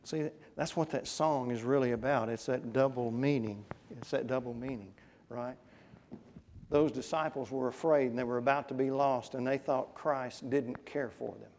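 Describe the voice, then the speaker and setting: A man's voice: mid-range voice, steady tone, moderate pace, a little mellow, long reverb tail, a little hiss or hum. A man preaching a conversational sermon, often putting questions to his congregation. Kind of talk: interactive Bible class sermon. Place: church.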